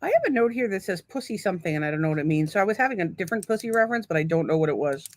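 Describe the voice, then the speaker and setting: A woman's voice: lowish voice, big pitch swings, very fast, dry recording. A woman co-hosting a podcast in casual chat, blunt and profane, laughing often. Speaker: podcast co-host.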